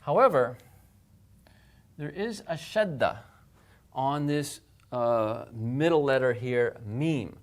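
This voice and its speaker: A man teaching a language lesson. He explains patiently and says example words slowly, again and again. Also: medium pitch. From English-speaking. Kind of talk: recorded lesson.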